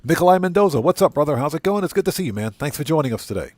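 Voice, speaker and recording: A man's voice: a little high, animated, very fast, darkish tone, no room sound. Chatty man streaming a game. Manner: chatty, repeats himself for emphasis. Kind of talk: casual livestream chat.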